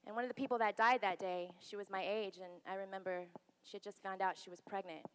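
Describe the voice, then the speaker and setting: A woman's voice: medium pitch, quick pace, smooth. A woman Navy veteran telling a candid personal story on stage, acting out the people she quotes. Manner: candid, quotes others in lively voices. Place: theater stage. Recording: hall reverb.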